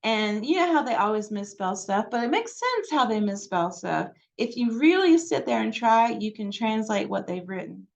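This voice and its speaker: Woman genealogy presenter, chatty and meandering, slightly high voice. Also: very animated, moderate pace, creaky, hardly any pauses. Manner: chatty, digressive, many fillers. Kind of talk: library presentation.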